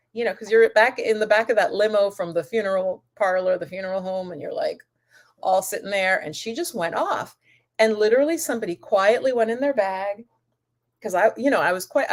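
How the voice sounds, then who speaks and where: A woman with a mid-range voice hosts a holistic wellness channel, chatting casually on a live stream as she answers comments and calls viewers goddess and my love. She rambles, with lots of restarts and asides.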